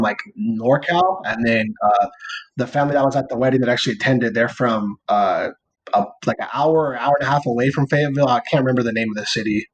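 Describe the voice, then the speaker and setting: A young man co-hosting a podcast, telling a story in a loose, rambling way, leaning on filler words and casual swearing. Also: medium pitch. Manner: rambling storytelling, heavy use of "like" and "or whatever"; laid-back and playful, swearing casually. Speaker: podcast co-host. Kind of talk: casual chat.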